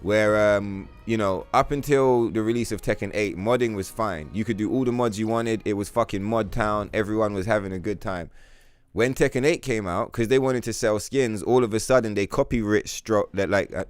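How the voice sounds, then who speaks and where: A man streaming a game and chatting casually, rambling and animated, swearing freely and using slang. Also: fairly low pitch, clean tone, no echo, studio quality. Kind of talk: casual livestream chat while gaming.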